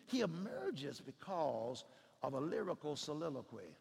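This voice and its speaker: A male preacher with a high, animated voice that leaps between soaring shouts and quiet, half-sung lines. His tone is bright and gravelly. The sound rings with the long reverb of a large hall. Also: normal speed. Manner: preaching with sudden shouted climaxes and hushed passages. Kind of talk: sermon.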